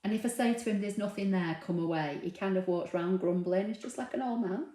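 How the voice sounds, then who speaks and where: Host: woman, relaxed and chatty, reading out comments in a roomy, echoey home room. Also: mid-range voice, brisk. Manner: chatty, relaxed, with frequent ums and laughs. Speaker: craft livestream host. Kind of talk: casual live chat, reading viewer comments aloud. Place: home room with a dog nearby.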